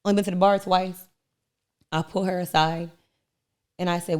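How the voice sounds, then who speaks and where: A woman sits in as a podcast guest and speaks with a somewhat low voice. She tells her stories with animation, acting out other people's lines and laughing easily. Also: normal speed, clear, resonant tone. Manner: animated storyteller, acts out voices in anecdotes; laughs easily, playful self-praise. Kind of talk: candid conversation.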